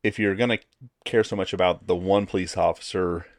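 A man co-hosting a casual movie review chat, relaxed and often repeating words as he thinks. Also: sits low, fairly quick, no room sound, studio quality. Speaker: podcast co-host.

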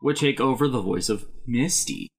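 A man co-hosting a podcast in casual chat, animated, with swearing and goofy mock threats. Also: mid-range voice, normal speed, gravelly, slight background noise. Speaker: podcast co-host.

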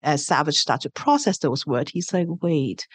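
A woman's voice: low-pitched, very animated, moderate pace, slightly rough, no room sound. Chatty woman retelling a book. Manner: chatty, many fillers of "like". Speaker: book reviewer.

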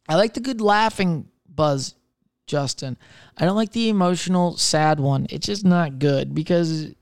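A man's voice: on the high side, clear, resonant tone, no echo, studio quality. A young man in casual podcast chat, rambling with lots of fillers and swearing as he tells personal stories. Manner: rambling, profane, filler-heavy.

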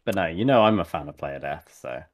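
A man with a deep, expressive voice chats casually, a little fast, as a podcast co-host and tabletop player. He rambles, filling his talk with fillers and restarts.

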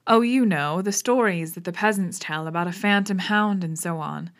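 A woman voicing a fussy, nervous male naturalist who talks in an excited, fluttering way. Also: fairly low pitch, moderate pace, natural voice. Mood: probing.

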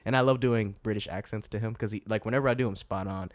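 A young man co-hosting a casual podcast, an animated storyteller who swears and laughs a lot. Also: on the low side, quick pace, slight background noise. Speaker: podcast co-host. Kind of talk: casual chat.

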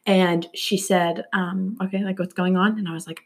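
Young female podcast co-host, lowish voice, animated storyteller who acts out every quote. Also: fast, hardly any pauses, a little hiss or hum. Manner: animated, acts out quotes with big pitch jumps and whispers. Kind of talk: casual true-crime storytelling chat.

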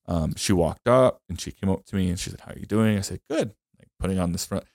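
A man's voice: deep voice, fast, vocal fry, a little mellow, no echo, studio quality. A young man as a podcast guest, telling a personal story in casual chat, rambling and emotional with many fillers and restarts.

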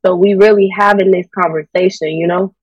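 A woman co-hosting a casual chat show, giving her opinions in a relaxed, conversational way. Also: fairly low pitch, a little fast, no echo, far from the mic, muffled recording. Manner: relaxed, opinionated, says "you know" often. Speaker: podcast co-host.

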